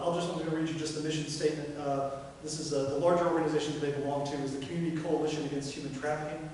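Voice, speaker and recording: A man talks in quick, flat, halting bursts full of fillers. He is far from the mic in an echoey hall with audible background noise. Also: a little high. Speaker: speaker at a live reading event. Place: performance venue.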